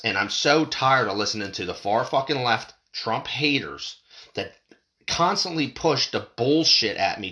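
A man's voice: mid-range voice, pushed and bright. A man ranting about politics and prices in a fired-up, swearing monologue as a podcast host. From United States. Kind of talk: profane political rant.

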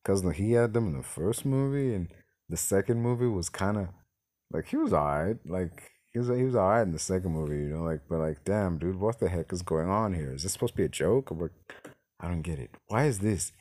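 A man hosts his own podcast and talks through a movie review in a loose, rambling way. He sounds exasperated. His voice sits somewhat low. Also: lively intonation, fairly quick, a little mellow. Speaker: podcast host.

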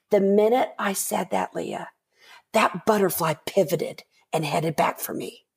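Podcast guest, woman, animated storyteller who acts out the voices of others. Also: a little high, husky. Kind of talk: casual storytelling.

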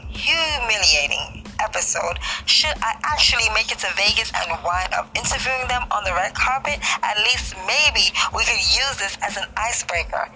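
Bright, gravelly woman reading aloud. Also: medium pitch, lively intonation, moderate pace, faint music behind, low-quality recording. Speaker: book reader.

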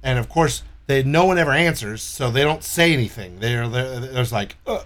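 A man in casual podcast chat, cursing freely and telling stories with animated energy. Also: medium pitch, moderate pace. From Los Angeles area. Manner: profane, animated storyteller.

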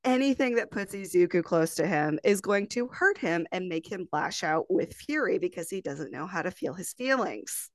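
Sniffly woman, animated anime chat, dry mic. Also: lowish voice, moderate pace, few pauses, no echo. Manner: animated, swears, laughs mid-sentence. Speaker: podcast co-host. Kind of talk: casual chat about an anime.

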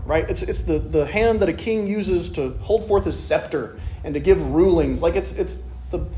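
High-pitched guy preaching, jokey and wry, sounds like a big echoey church. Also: warm tone, slight background noise. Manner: conversational and joking, with wry asides. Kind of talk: sermon. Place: church sanctuary.

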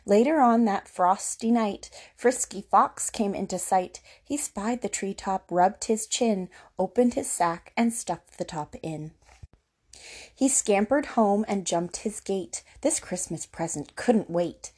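A woman reading a rhyming picture book aloud in a lilting, gently expressive way. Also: medium pitch, slow, husky. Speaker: storyteller.

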